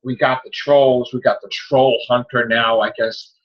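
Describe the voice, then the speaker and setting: A man's voice: flat delivery, a little slow, lo-fi sound. A man hosting a casual podcast chat, ranting in an exasperated voice. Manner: exasperated, ranting, swinging pitch. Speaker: podcast host.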